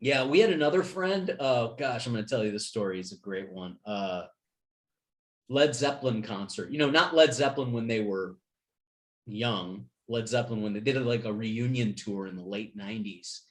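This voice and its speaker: A podcast host with a lowish voice tells stories at a moderate pace in a casual chat. He swears freely and acts out his friends' lines in their voices.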